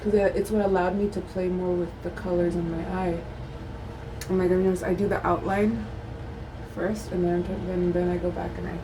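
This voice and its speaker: A woman's voice: on the low side, creaky, noisy background. Rambling, swearing woman vlogger. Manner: rambling, swears freely, self-mocking. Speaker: beauty vlogger; mother of a toddler. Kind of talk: casual chat while doing makeup. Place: at home.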